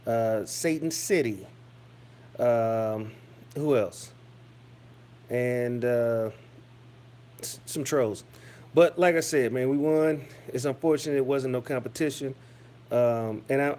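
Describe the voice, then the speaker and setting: A man's voice: on the high side, darkish tone. A man ranting casually to his viewers, profane and insulting, with many fillers and restarts. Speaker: YouTube commentator. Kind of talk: casual rant to camera.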